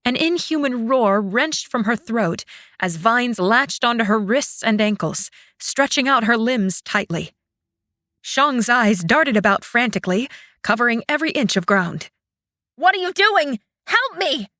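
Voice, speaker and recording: A woman's voice: on the high side, measured pace, no room sound. Woman narrating fantasy audiobook, dramatic, takes her time, dry close mic. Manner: dramatic, expressive.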